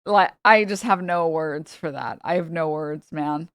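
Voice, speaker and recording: A woman's voice: deep voice, a little slow, a bit bright, no echo, clean studio sound. A young woman streamer reacting heatedly on a live stream, profane and full of stumbling restarts.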